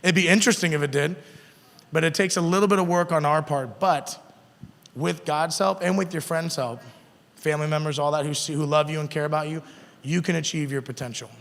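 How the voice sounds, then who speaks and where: A man's voice: on the high side, a little fast, creaky, a bit bright. A man preaching a casual sermon to a youth group, talking conversationally and asking the kids questions. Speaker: youth pastor. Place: youth room. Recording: long hall reverb.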